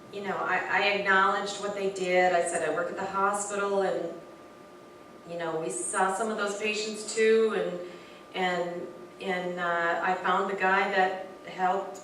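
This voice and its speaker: A woman shares a personal story with a spiritual community, animated and warm, often stumbling and restarting as she goes. Her voice sits at an ordinary middle pitch. It is captured from a distance in a very reverberant hall with a faint hiss underneath. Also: a little slow. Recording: very echoey room from far off with faint noise.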